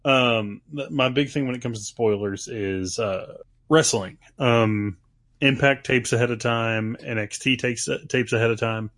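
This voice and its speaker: A man's voice: mid-range voice, unhurried, fairly bright tone, no room sound, clean studio sound. A man co-hosting a podcast, talking casually with lots of stops and restarts. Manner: rambling, many fillers and restarts. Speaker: podcast co-host. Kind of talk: casual chat.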